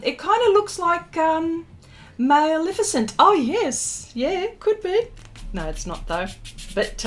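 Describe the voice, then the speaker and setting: A woman with a fairly high voice chats at an unhurried pace as she hosts a live art session. She reads out her viewers' comments and answers them in a playful, self-teasing way, talking casually while she works. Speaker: art livestream host.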